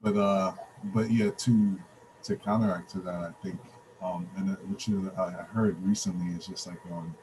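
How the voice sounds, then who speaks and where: A man's voice: deep voice, steady tone, moderate pace, a little mellow, slight background noise, low-quality recording. A man joining a video call discussion, speaking hesitantly with many ums and restarts. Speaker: call participant.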